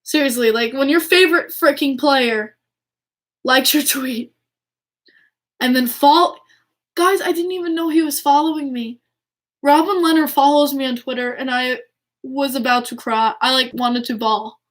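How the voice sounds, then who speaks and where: A young woman with a fairly high voice talks casually to her viewers as a hockey fan vlogger. She is excitable and gushing, tripping over restarts and fillers as she goes. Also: unhurried. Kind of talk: casual chat to camera.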